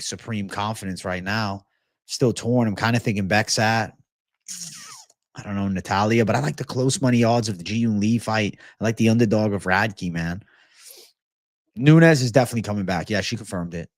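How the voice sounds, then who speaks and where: A man's voice: on the low side, no echo. Young male streamer, casual and profane, reading chat questions aloud and answering them, close and dry. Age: 20s. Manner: laid-back, swears often, reads chat aloud. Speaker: host of a livestream Q&A.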